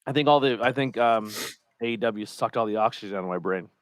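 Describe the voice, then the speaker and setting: A man's voice: fairly low pitch, fast, no echo. Casual rambling man, dry sound. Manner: rambling, hedging with "I think". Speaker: podcast co-host. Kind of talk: casual chat.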